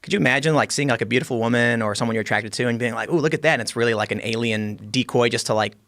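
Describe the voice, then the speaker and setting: Quick, rambling male podcast co-host, jokey, dry studio mic. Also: mid-range voice, steady tone, fairly bright tone, no room sound. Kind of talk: casual podcast chat. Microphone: studio microphone.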